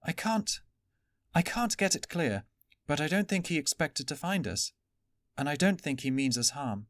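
A man voicing a lively, calm female water warrior. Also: a little high, dry recording, studio quality, voice pushed up. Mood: calm, persuasive. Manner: gentle, measured, reasoning.

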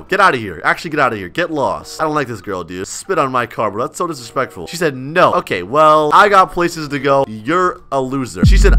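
Excitable young man with a bright voice. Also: on the high side. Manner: excitable, trash-talking, laughs often, slangy. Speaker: gaming YouTuber. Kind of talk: game commentary with reading out chat.

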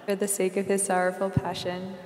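A woman from the congregation leads a prayer in a steady, even delivery. Her pitch stays almost flat. The sound is roomy, with long church reverb. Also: brisk. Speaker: congregation member leading a prayer. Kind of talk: prayer recitation. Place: large church.

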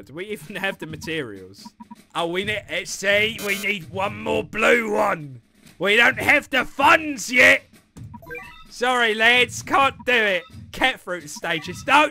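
A young British man streaming a game live, joking with his chat and reacting loudly to what happens on screen. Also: very high voice, lively intonation, unhurried, faint music behind.

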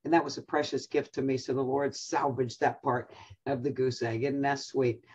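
An older woman with a husky voice, a Bible teacher chatting and telling a family story with frequent laughter before her message, over a video call. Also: a bass voice, level tone, normal speed, darkish tone, dull audio.

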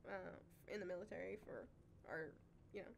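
A woman's voice: lowish voice, moderate pace, vocal fry, slight background noise. A woman co-hosting a casual chat, talking with chatty enthusiasm and frequent laughs. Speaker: podcast co-host, wildlife sanctuary keeper.

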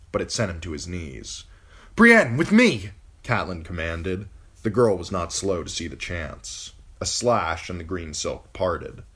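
Deep-voiced male audiobook narrator. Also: husky. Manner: measured storytelling narration. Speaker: audiobook reader.

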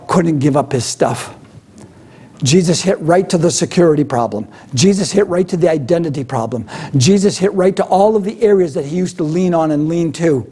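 A man preaching a sermon with animated delivery, moving between loud emphatic lines and quiet, low intensity. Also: husky. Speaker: pastor.

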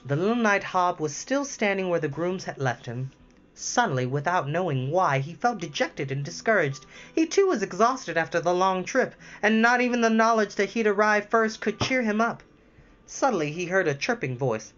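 A man reading a storybook aloud, lively, with chatty asides and self-corrections. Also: high-pitched, moderate pace, highs cut off.

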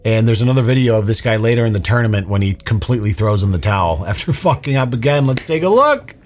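A man's voice: fairly low pitch, animated, fast talker, a little hiss or hum. A man hosting a reaction video, riffing on clips with sarcastic, mock-serious rants. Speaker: commentary video host.

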